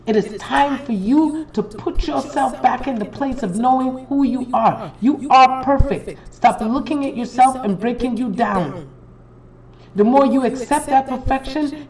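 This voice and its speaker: A woman speaks in a slightly high voice. She gives an emphatic, preachy and profane motivational talk on a live stream. She calls her viewers "baby" as she coaches them. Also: a little mellow, rough recording. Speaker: spiritual reader and live-stream host.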